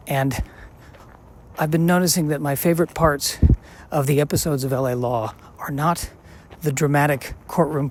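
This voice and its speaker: A man in his forties hosting a podcast, rambling and thinking out loud as he walks outdoors, musing and questioning himself with many halting restarts. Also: on the high side, a little hiss or hum. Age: 40s. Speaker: podcast host. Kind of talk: casual rambling monologue while walking outside. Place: outdoors, walking on a sidewalk.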